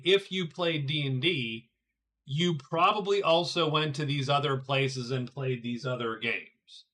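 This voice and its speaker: A middle-aged man streams a solo board game, thinking aloud and chatting casually with viewers while often stumbling and repeating words. His voice is fairly high, bright, and forceful.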